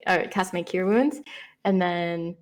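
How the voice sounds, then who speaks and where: A woman's voice: fairly low pitch, steady tone, takes it slowly. A woman playing a tabletop game, rambling loosely with restarts. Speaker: player. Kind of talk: casual tabletop game play.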